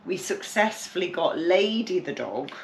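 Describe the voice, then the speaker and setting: A co-host reminisces in a relaxed family chat, laughing often. The pitch sits mid-range. The recording has a noticeable room echo. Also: unhurried, slight background noise. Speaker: podcast co-host. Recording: roomy echo.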